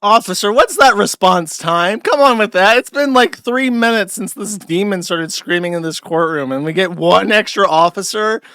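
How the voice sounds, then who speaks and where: A male host giving crude, sarcastic, excitable commentary over footage of an arrest. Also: sits high, moderate pace, hardly any pauses, clear, resonant tone, no room sound.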